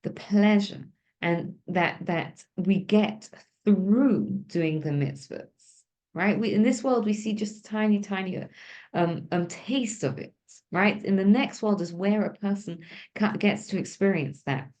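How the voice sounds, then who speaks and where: Woman teacher, relaxed lesson, chatty, asks the room. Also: medium pitch, unhurried. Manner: conversational, asks the group questions. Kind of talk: informal religious lesson.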